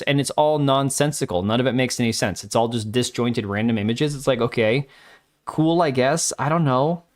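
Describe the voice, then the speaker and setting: A man's voice: mid-range voice, animated, moderate pace. A man hosting a live stream, giving blunt, opinionated and crude commentary while talking back to his chat.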